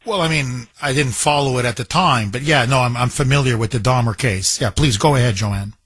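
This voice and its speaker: Husky-voiced male talk radio host. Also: medium pitch, brisk, a bit bright, no room sound. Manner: emphatic, opinionated, digressive. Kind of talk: call-in talk radio commentary.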